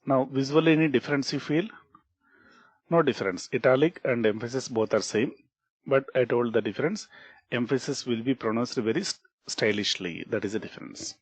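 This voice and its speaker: A man's husky, medium-pitched voice moves fairly quickly through a screen-recorded programming lesson, with no echo. He has an Indian English accent, explains by repeating his main points, restarts words, and checks in regularly with "okay" and "right?"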